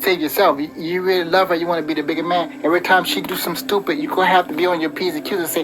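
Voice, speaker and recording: A man's voice: fairly high pitch, little pitch movement, very fast, hardly any pauses, background noise. A man delivering a rambling, preachy relationship-advice monologue, full of "you know". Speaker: vlogger giving relationship advice. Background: background music.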